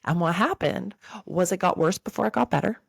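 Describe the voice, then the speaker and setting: A woman in her thirties hosts a podcast, earnestly telling a personal story in a candid chat directly to her listeners. Her lowish voice is creaky and slightly rough, she speaks fairly quickly, and the recording is dry.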